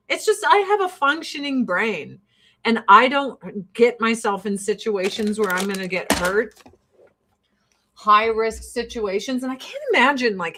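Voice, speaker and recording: Woman host, middle-aged, from the US, fairly high voice, exasperated and blunt. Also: normal speed, a bit bright, slight background noise. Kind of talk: casual opinion rant.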